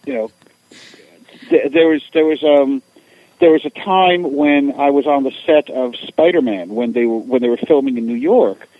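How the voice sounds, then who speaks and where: Guesting as an author, a middle-aged man shares humorous anecdotes casually, animatedly voicing the people in them. He speaks at medium pitch and moderate pace, recorded dry with phone-quality sound.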